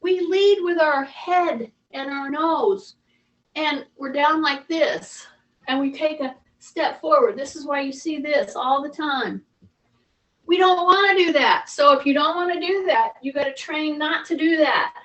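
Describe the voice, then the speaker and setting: A woman's voice: high-pitched, measured pace, fairly bright tone, recorded from a distance, highs cut off. A woman fitness instructor talking viewers through a workout, chatty and coaching, repeating her cues.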